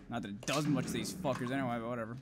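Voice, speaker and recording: A man hosting gameplay commentary in a casual, profane way, bursting into loud shouts. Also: medium pitch. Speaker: gaming video host. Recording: loud background noise.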